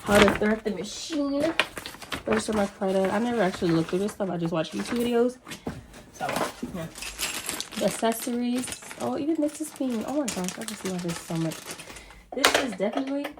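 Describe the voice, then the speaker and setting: A woman talks casually and gushes freely, her excitement spilling over between ordinary remarks. Her pitch sits in a middle range. A loud wash of noise and scattered clicks runs underneath her voice. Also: normal speed, pauses often. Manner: excitable, gushing, chatty. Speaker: sewing vlogger. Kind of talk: casual unboxing chat.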